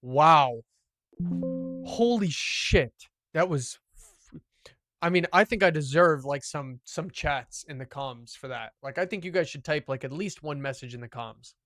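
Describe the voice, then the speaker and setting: A man streaming live gameplay, commenting as he plays, boastful and profane, swinging from loud excitement to low muttering. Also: normal speed, hardly any pauses, no room sound, clean studio sound, soft background music.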